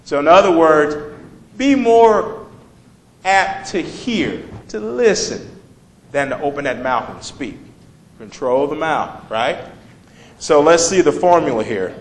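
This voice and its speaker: A man with a fairly high voice preaches in a loose, talky way, stopping to quiz his listeners and read out verses. The room around him rings with echo. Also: expressive, slow, long pauses. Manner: conversational, asks the congregation questions. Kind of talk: sermon.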